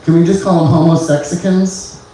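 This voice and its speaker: A male stand-up comedian with a slightly high voice works through his set in halting bursts, stumbling over "uh" and restarting lines. He is caught from a distance on a small club stage, and the room echoes heavily around him, with faint noise behind. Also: steady tone, mellow. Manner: halting, many "uh" fillers and restarts.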